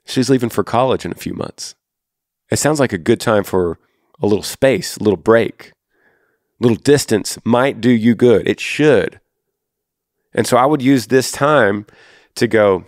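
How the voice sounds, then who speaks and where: A Texan-accented man in his thirties, host of a faith-based advice podcast, speaks to a listener in an earnest, direct way. His mid-range voice is a little slow and pauses often, and the studio-quality recording has no echo.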